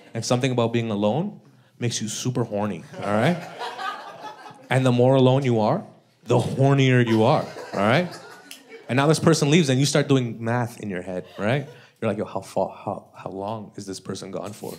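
A man doing a live stand-up comedy set, talking loosely and casually, with frequent tag questions like "all right?". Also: mid-range voice. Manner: loose, conversational, peppered with "all right?" and "you know?". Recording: live club with audience. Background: audience laughter.

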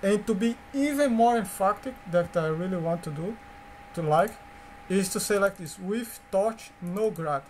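A man whose first language is Portuguese, teaching a coding lecture in a halting way, with fillers, restarts and repeated words. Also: high voice, slight background noise. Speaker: course instructor.

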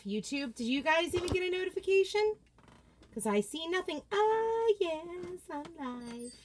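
A woman hosting a casual livestream, chatty and excitable, out of breath as she greets viewers by name. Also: high voice. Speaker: craft vlogger hosting a livestream.

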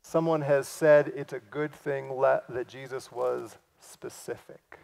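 A man preaching a sermon, acting out quoted lines and swinging from loud cries to hushed, near-whispered passages. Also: mid-range voice, takes it slowly, vocal fry. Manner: acts out quoted lines in lively voices. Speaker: pastor.

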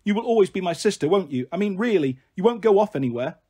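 A man's voice: high voice, lively intonation, fast, warm tone, slightly rough, pitched above the performer's own voice. A man voicing a small pleading girl. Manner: wheedling, childlike questions.

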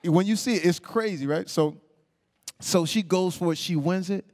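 Animated man telling stories on stage. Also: high voice, normal speed. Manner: animated, laughing, acts out quoted people in voices. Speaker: interview guest. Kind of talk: live stage storytelling. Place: stage in a large auditorium before an audience. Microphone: stage microphone.

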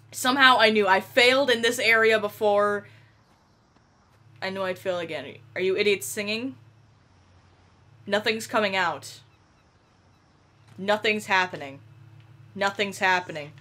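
A young woman giving excitable let's play commentary, yelling and laughing at the game. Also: on the high side. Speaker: gaming YouTuber.

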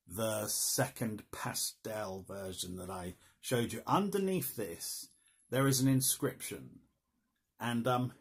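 A man's voice: medium pitch, slightly rough. A man giving a casual, jokey online art history lecture, chatting and laughing at his own asides.

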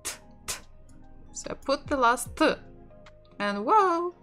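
A woman's voice: high-pitched, very animated, slow pace, sharp tone, soft background music. A woman from Russia, a native Russian speaker with a Russian accent, teaching a casual online language lesson, repeating words aloud and laughing lightly as she goes.

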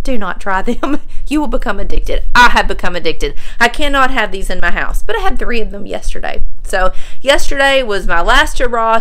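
A woman, chatting casually to camera in a lively, folksy way. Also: fairly high pitch. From Southern United States. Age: 50s. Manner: chatty and animated, laughs often, folksy phrasing. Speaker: vlogger.

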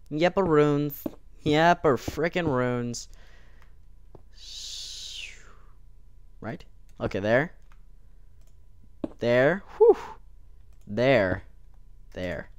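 A man's voice: mid-range voice, clear, resonant tone, no room sound. A young man giving casual, rambling commentary while playing a game, talking to himself and the game, his voice cracking often. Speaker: gameplay video host. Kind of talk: casual let's-play commentary.

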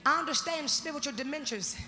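A woman preacher delivering a fervent sermon to a congregation, swinging from low talk to shouted praise and calling on the church to answer her. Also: fast talker. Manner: preaches in a call-and-response style to the congregation. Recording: echoey hall with loud music.

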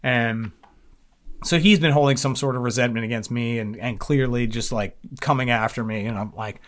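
A man talks casually on a recovery podcast. His voice sits at an ordinary middle pitch. He rambles, swears freely and keeps restarting his sentences as he tells a long story. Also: normal speed, fairly bright tone. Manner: rambling and profane, with many fillers and restarts. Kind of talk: casual chat.

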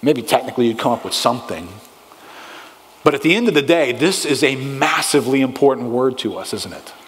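A man's voice: medium pitch, animated, brisk, fairly bright tone. A male pastor preaching a sermon with emphatic, rising delivery, often asking the congregation questions. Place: church sanctuary. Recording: long hall reverb.

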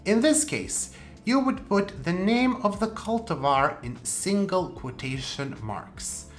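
A woman hosting a plant channel, explaining rules in a casual, playful way with sharp jumps for emphasis. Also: on the low side, lively intonation, takes it slowly, soft background music. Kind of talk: casual instructional talk.

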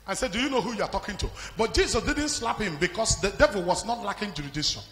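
A fiery Nigerian pastor with a high, bright, sharp voice that leaps around in pitch. He moves from hushed talk to shouting. He is heard in a hall with long reverb and faint music underneath. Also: expressive, fast talker, few pauses. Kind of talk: sermon. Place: large church hall. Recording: live hall with music behind.

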